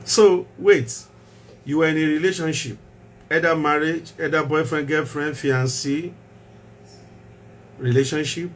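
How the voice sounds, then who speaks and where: A man's voice: fairly high pitch, steady tone, unhurried, long pauses, slight background noise. A man hosting a mental health talk show as a doctor, speaking emphatically, repeating key phrases and asking rhetorical questions.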